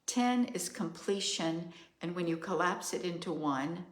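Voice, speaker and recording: An older woman astrologer giving a reflective solo monologue, measured and musing with the odd filler. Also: on the low side, lively intonation. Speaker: astrologer host. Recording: roomy echo.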